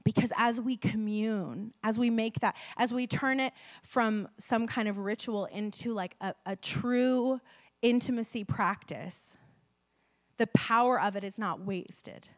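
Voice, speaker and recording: A woman preaching a sermon, telling a healing story in an animated way, sometimes dropping her voice low. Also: measured pace. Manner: animated storytelling, drops to whispers. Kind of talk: sermon with testimony.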